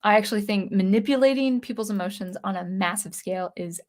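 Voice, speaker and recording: A woman's voice: mid-range voice, quick pace, a little mellow. Brief: woman host, casual chat, earnest and rambling, stumbles over repeated words, mid-range voice. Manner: indignant. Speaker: channel host. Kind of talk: casual livestream chat reading viewer comments.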